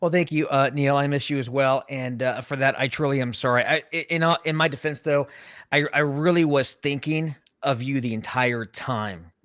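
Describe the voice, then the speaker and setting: A man co-hosting a casual podcast, speaking at a middling pitch and stumbling through his thoughts with plenty of fillers. The recording is dry, with no room sound. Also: fairly bright tone, clean tone, no echo, muffled recording. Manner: rambling, halting, lots of fillers and jokey asides. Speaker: podcast co-host. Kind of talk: casual chat.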